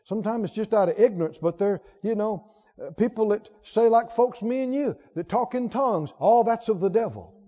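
A man preaching a sermon in a church, fervent and emphatic, swinging from loud to hushed. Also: high voice, fairly quick. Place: church sanctuary. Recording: lo-fi recording with long hall reverb.

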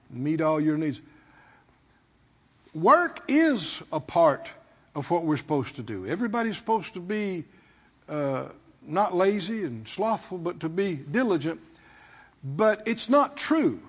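A man's voice: fairly high pitch, husky, long reverb tail, dull audio. A man pastor preaching a sermon, prodding his congregation with rhetorical questions and call-and-response.

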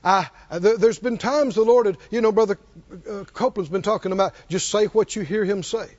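High-voiced emphatic male preacher. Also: brisk, a little mellow. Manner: emphatic, with rhetorical questions to the congregation. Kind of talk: sermon. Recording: dull lo-fi sermon recording.

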